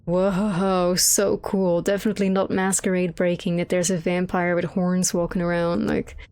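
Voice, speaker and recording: A woman's voice: on the low side, level tone, moderate pace, a little mellow, clear, resonant tone, no room sound. Rambling, swearing young woman streamer. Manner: rambling, swears a lot, mocking quotes. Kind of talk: casual live-stream commentary.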